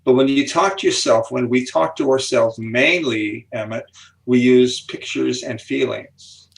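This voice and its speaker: A gravelly-voiced man in his seventies explains with animated enthusiasm, building suspense before each key point like a seasoned speaker. His voice sits a little back from the microphone. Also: medium pitch, unhurried, recorded from a distance, rough recording. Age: 70s. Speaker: psychology speaker and author, interview guest.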